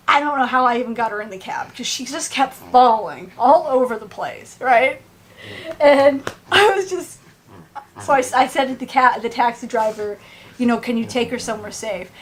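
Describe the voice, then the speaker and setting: A woman tells a story straight to her camera, her voice pitched high. She gets animated and throws her voice up to play the people she met. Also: a little hiss or hum. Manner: animated, acts out bystanders in raised voices. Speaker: vlogger. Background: dog at home.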